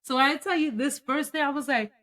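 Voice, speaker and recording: A woman co-hosting a casual podcast, telling stories with loud, acted-out quotes and speaking with features. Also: sits high, brisk. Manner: animated storyteller, acts out quotes loudly. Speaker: podcast co-host. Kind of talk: casual chat.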